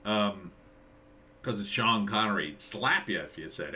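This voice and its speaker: A man's voice: lowish voice, lively intonation, measured pace, bright, forceful tone. A middle-aged man hosting a live stream, rambling sarcastically and reading out chat comments. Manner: rambling, sarcastic, reads chat names aloud.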